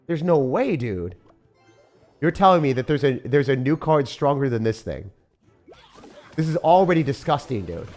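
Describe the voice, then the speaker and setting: A young man giving casual, excitable gameplay commentary, often breaking into disbelief and calling the listener dude or bro. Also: medium pitch, moderate pace, pauses often, faint music behind. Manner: excitable, frequent disbelief outbursts, calls viewers dude and bro. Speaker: gaming creator.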